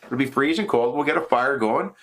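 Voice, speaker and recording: A man's voice: medium pitch, fairly quick, a bit bright. A man in his fifties chatting casually while he builds, rambling through joking stories. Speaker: streamer.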